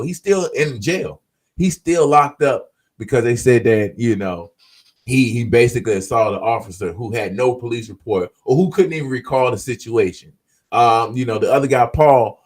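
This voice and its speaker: A man hosting a casual podcast, talking in a laid-back, slangy way and answering people in the comments. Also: medium pitch. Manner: closes with an upbeat pep talk. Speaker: podcast host. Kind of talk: casual talk to viewers.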